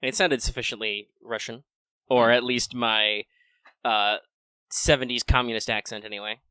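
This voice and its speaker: Man, podcast host, live-stream chat, bright crisp voice, dry sound. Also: mid-range voice, fairly even intonation, no room sound. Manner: chatty, fast patron list reading.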